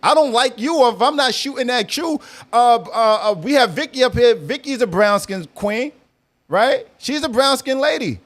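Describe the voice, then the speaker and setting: A man's voice: very high-pitched, lively intonation, normal speed, a bit bright. A man hosting a live audio chat room, talking casually and animatedly, often repeating himself and teasing guests.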